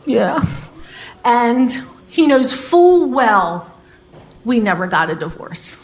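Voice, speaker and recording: Slow-paced candid woman storyteller. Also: medium pitch. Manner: candid, animated retelling with quoted voices; swears casually. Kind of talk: live personal storytelling.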